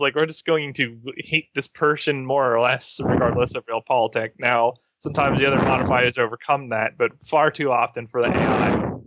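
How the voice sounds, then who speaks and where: A man's voice: medium pitch, fairly bright tone, dry recording, highs cut off. A man co-hosting a podcast, talking through a strategy game in casual, frank discussion and laughing often. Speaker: podcast co-host.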